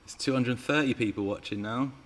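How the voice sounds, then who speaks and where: Talking a little fast in a mid-range voice, this RC car channel host chats away on his live Q&A stream. He reads viewers' comments aloud and teases them in a chatty, playful way.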